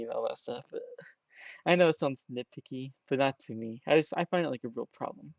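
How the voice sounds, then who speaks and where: A man's voice: medium pitch, quick pace, vocal fry, no echo. Rambling man with a dull, muffled sound. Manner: rambling, full of "you know" and "right?". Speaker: trailer reviewer. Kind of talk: casual reaction commentary.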